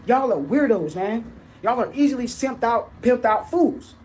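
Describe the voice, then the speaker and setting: In a played clip, an angry speaker launches into a casual rant, hurling insults and curses. The middle-pitched voice is animated yet a little slow, with a darkish tone, and faint noise runs underneath.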